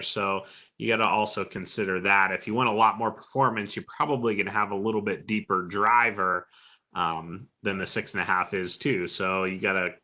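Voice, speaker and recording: A man with a lowish voice and a very sharp, bright timbre gives practical advice in a live online training. He speaks conversationally over a video call mic.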